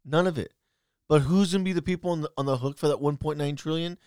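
A man's voice: a little high, quick pace, darkish tone, clear, resonant tone, no echo, clean studio sound. A man co-hosting a casual podcast, ranting bluntly and profanely about politics. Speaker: podcast co-host.

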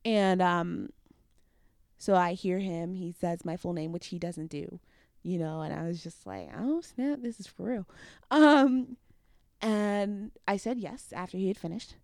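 A young woman, a guest on an interview show, telling a story casually and acting out what people said with big swings in pitch. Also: a little slow, no echo, studio quality. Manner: animated, acts out quotes with big jumps in pitch.

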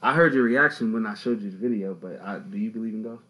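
A young man hosts a laid-back podcast chat with a lowish voice. He tells stories in loose slang and keeps jumping into loud, animated outbursts. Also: fast talker, low-quality recording. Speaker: podcast host.

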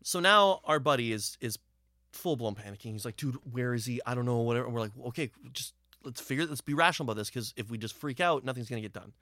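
A man's voice: mid-range voice, lively intonation, fast talker, sharp tone, no room sound, studio quality. A man casually telling a rambling road story from touring with his band, swearing freely.

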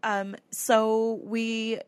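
A woman's voice: a little high, little pitch movement, drawn-out words, clean tone. Chatty woman telling a ghost story. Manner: chatty storytelling, many fillers, laughs often. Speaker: podcast co-host. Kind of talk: casual chat.

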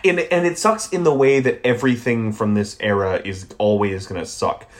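A man's voice: fairly low pitch, moderate pace. A man from the American South co-hosting a movie podcast, giving blunt, sardonic and profane takes on films. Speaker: podcast co-host. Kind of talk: casual movie podcast chat.

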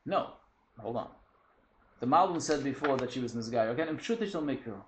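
Quick, animated man teaching a text class. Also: medium pitch, roomy sound, a little hiss or hum. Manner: animated, quick, mixing Hebrew and Yiddish terms. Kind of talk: lively text study class.

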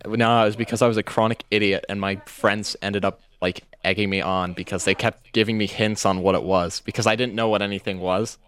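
A man's voice: on the low side, fairly even intonation, brisk, hardly any pauses, fairly bright tone, smooth. A young man telling a self-mocking story in a casual podcast chat. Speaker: podcast guest.

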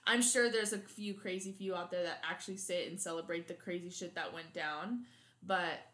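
A chatty woman co-hosts a podcast from home, gushing and talking things through casually. Her bright, forward voice bounces around an echoing room. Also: lowish voice, steady tone, normal speed. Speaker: podcast co-host. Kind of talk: casual chat. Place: home room, people outside. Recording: roomy echo.

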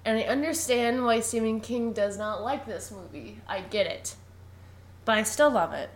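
A woman's voice: a little high, normal speed, heavy background noise. A young woman co-hosting a podcast, recapping a film in casual chat and acting out the characters' lines. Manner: animated, laughs often, acts out lines. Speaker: podcast co-host.

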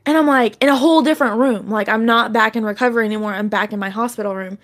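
A young woman telling a story in casual chat, animated and acting out the voices she quotes. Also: on the high side, rapid-fire.

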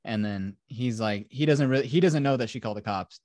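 A man's voice: medium pitch, brisk, darkish tone, no room sound, studio quality. A young man hosting a podcast, rambling and swearing as he retells a film plot in casual chat. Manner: profane, rambling storyteller. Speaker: podcast host.

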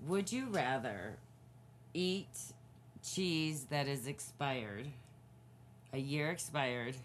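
Low-voiced woman in rambling podcast chat. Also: animated, drawn-out words, a little hiss or hum. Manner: rambling, laughs often, teasing. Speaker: podcast co-host. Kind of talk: casual chat.

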